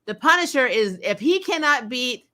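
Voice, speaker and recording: Bright, chatty woman hosting a live chat. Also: high-pitched, normal speed. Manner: chatty, expressive, laughs often. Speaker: podcast host. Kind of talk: casual live-stream chat.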